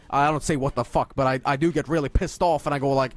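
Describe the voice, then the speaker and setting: A male streamer telling a long story in a profane, rambling rant full of restarts, getting loud and shrill when he is worked up. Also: a little fast, hardly any pauses, faint music behind. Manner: gets loud and high-pitched when worked up. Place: home streaming setup.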